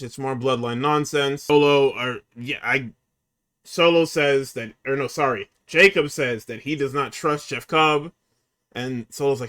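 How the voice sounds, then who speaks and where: Exasperated, animated man. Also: mid-range voice, measured pace. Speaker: podcast host recapping wrestling. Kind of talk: casual recap.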